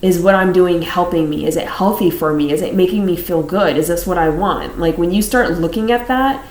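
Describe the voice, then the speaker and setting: A woman's voice: lowish voice, brisk, a little mellow. A woman giving a casual tarot reading to camera, rambling and repeating phrases, often laughing between thoughts. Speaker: tarot reader. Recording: roomy echo.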